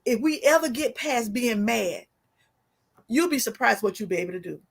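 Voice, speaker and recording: A woman's voice: a little high, lively intonation, moderate pace, creaky, slightly rough. A woman co-hosting a faith talk show, preaching in a sermon-like way, quoting scripture, with many restarts and fillers. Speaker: co-host.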